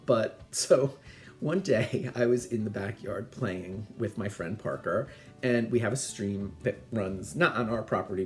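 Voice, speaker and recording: A middle-aged man, the host, telling family stories in a chatty, animated way and laughing often. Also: lowish voice. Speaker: podcast host. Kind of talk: casual storytelling.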